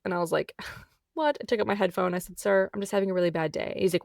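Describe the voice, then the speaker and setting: A woman host talks through a personal story in a candid, animated way, acting out each person's lines and laughing along the way. Her voice carries a gravelly fry at a middling pitch. The sound is dry and close, with no room around it. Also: quick pace, no echo. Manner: candid, animated, laughs often, acts out quoted dialogue. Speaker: podcast host.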